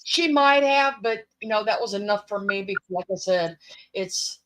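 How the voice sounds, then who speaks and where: Chatty woman co-host, mid-pitched. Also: normal speed, fairly bright tone. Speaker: channel co-host. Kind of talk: casual chat.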